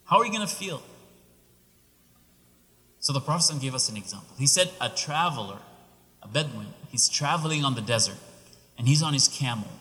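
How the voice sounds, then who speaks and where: A man preaching a sermon, telling a story with animated, rising exclamations. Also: mid-range voice, moderate pace, pauses often. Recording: long reverb of a large hall.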